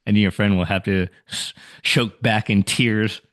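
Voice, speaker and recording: A man's voice: on the low side, steady tone, moderate pace. A man in his forties, co-hosting a podcast, chatting casually and playfully acting out silly scenes. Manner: playful, acts out silly scenarios with laughter. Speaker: podcast co-host. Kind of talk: casual chat.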